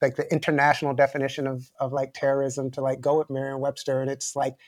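A man's voice: mid-range voice, fast talker, dry recording. Guy in his 40s rambling w lots of "like", gets fired up, dead dry mic. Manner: fluent but filler-heavy, frequent "like" and restarts; grows animated and intense when making a point. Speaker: guest author. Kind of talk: casual conversational interview.

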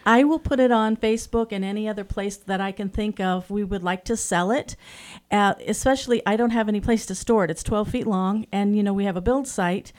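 A woman's voice: medium pitch, a little fast, darkish tone. A woman who directs a youth theater program, chatting in an interview in a rambling way with many fillers. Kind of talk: casual interview chat.

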